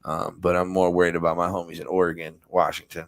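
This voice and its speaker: A man's voice: low voice, little pitch movement, fast talker, clean tone. A man hosting a podcast in casual chat, laid-back, swearing freely and calling everyone bro and man. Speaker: podcast host.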